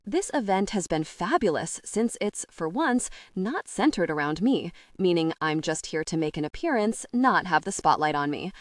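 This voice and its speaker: A young adult woman narrates a first-person romance audiobook with a playful, expressive delivery. Her voice sits low but swings widely in pitch. The recording is dry and close. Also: normal speed, few pauses, dry recording.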